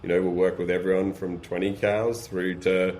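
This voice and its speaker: Deep-voiced man explaining with energy. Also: moderate pace, a little hiss or hum. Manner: energetic, explains with practical examples and rhetorical questions. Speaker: guest, beef supply chain business. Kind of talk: casual podcast conversation.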